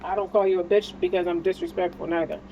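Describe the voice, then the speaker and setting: A woman's voice: on the low side, fairly even intonation, fast, muffled recording, background noise. A woman giving a casual spiritual tarot reading, talking in a blunt, slangy and encouraging way and swearing freely. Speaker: tarot card reader.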